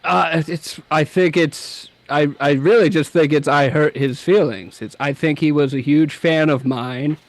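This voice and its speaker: A man's voice: a little high, steady tone, measured pace, few pauses, no echo. A man, a comic writer, talking as a guest in casual chat, rambling with hesitant restarts and mocking quotes.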